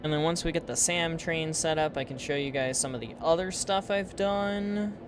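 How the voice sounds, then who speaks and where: A man's voice: on the high side, moderate pace, noisy background. A man giving casual live-stream gameplay commentary, rambling and laughing at his own puns. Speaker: game streamer.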